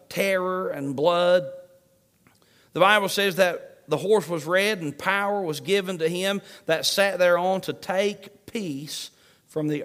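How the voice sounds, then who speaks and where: A man's voice: high voice, fairly bright tone. A man preaching a sermon, emphatic and repeating key phrases to his congregation.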